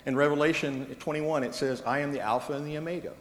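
A man preaching a sermon in a church, telling stories with gentle humor. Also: on the high side, fairly even intonation, fast. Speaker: pastor. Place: church sanctuary. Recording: echoey church hall from a distance.

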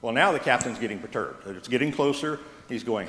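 A man's voice: medium pitch, animated, brisk, fairly bright tone. A man, a pastor, preaching a sermon in a plain, conversational storytelling manner. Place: church sanctuary. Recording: echoey reverberant church hall.

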